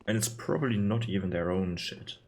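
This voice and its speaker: A man's voice: deep voice, a little fast, darkish tone, a little hiss or hum. A man giving casual, sarcastic gameplay commentary, rambling and disgusted. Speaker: gaming video host.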